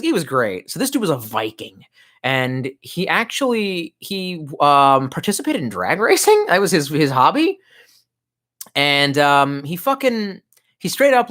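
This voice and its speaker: A man's voice: on the high side, fairly bright tone. A young man streaming live, rambling loosely and swearing a lot as he reads out chat comments, tipsy. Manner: profane, rambling, drunk banter. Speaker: livestreamer. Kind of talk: casual livestream chat reading comments.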